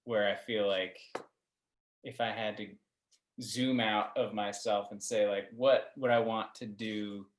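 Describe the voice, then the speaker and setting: Reflective, halting guest, mid-range voice, echoey room. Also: medium pitch, fairly even intonation, slight background noise. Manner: reflective, hesitant. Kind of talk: casual chat. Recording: roomy echo.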